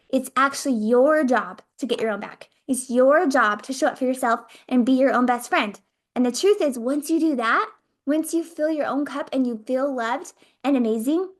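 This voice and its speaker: A woman hosting a motivational talk show, speaking straight to the listener in an upbeat, encouraging way and acting out the voice in her head. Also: high-pitched. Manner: upbeat, encouraging, acts out inner dialogue. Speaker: podcast host.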